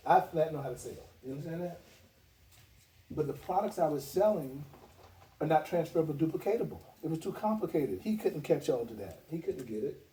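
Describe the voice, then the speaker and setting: A man's voice: on the high side, expressive, a little fast, warm tone. A man giving a sales training talk, emphatic and repetitive, often checking in with "okay?". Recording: echoey room from far off, noisy.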